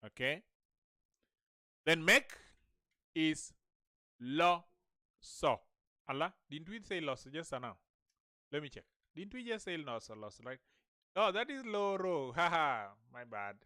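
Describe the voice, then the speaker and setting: A man with a smooth, clear voice, a touch higher than most, teaches pronunciation at a very slow pace. He breaks words into syllables and repeats them patiently, recorded close and dry in a small quiet room. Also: no room sound. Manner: patient, repeats syllables slowly and encourages the learner. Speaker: language teacher.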